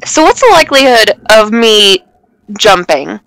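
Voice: mid-range voice, very animated, a little slow, gravelly, fairly bright tone, dry recording, poor audio. A player in a tabletop roleplaying game, playful and laughing often, making bold jokes. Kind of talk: casual tabletop play.

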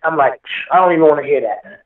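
A man tells a long story in an interview, emotional and rambling, swearing as he goes. His voice sits high. The sound is tinny like a phone line, echoey and a little far from the mic. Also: rapid-fire. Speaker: guest rapper.

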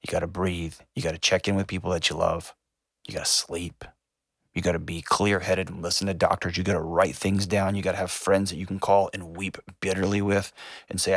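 A man's voice: low-pitched, steady tone, brisk, dry recording, clean studio sound. Earnest male advice-show host. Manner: earnest, emphatic, repeats phrases for stress. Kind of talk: call-in advice talk.

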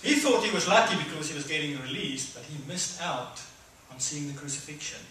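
A middle-aged man preaching a conversational sermon, acting out voices with sudden loud high bursts. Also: lively intonation, fairly quick, far from the mic. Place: church hall. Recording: echoey hall, speaker away from mic.

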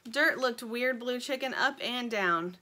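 A woman reading a children's chapter book aloud in a friendly, expressive way. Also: on the high side, a little slow.

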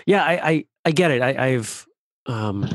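A man's voice: mid-range voice, expressive, a little slow, no echo. Empathetic male podcast host, dry sound. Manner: empathetic, stammers on repeated words. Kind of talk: casual interview.

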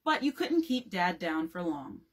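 A woman librarian reading a chapter book aloud as a bedtime story, with calm, expressive narration. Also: fairly low pitch, unhurried, husky.

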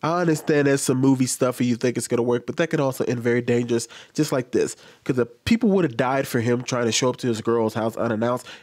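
A young man talks in an exasperated, lecturing way, pleading with his listeners again and again. His voice sits at an ordinary middle pitch. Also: fast, hardly any pauses, darkish tone. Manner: lecturing, exasperated, with repeated pleas. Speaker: commentator. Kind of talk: reaction commentary.

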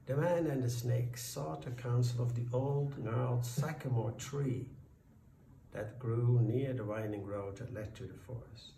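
A man narrating a folk tale in a slow, deliberate storytelling voice. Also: medium pitch, fairly even intonation, vocal fry, warm tone. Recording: roomy, distant, faint background noise.

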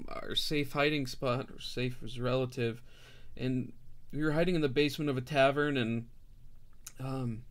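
A man's voice: mid-range voice, close to an everyday voice. A man voicing a frightened, ragged human mother who rambles anxiously in a raised voice.

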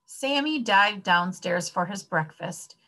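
A woman reading a children's picture book aloud, expressive and addressing the children. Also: fairly low pitch, measured pace. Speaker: story reader.

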